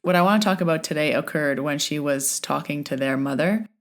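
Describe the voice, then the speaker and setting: A woman with a notably low voice hosts her own podcast as a medium. She tells stories in a loose, chatty way, often retelling back-and-forth exchanges. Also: fairly quick. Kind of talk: casual podcast storytelling.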